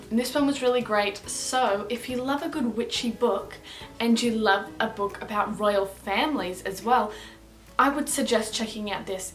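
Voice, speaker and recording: A woman's voice: fairly high pitch, a bit bright. A young woman with an Australian accent, chatting casually and upbeat through a book review vlog, rambling with fillers. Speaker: book vlogger.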